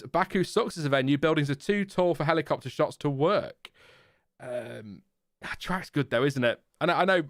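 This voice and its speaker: A man's voice: a little high, no echo, clean studio sound. A British man hosting a live-stream watchalong, chatting and laughing at himself from home. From Britain. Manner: chatty, self-deprecating, laughs often. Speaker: host. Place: home room. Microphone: headphones with a desk mic.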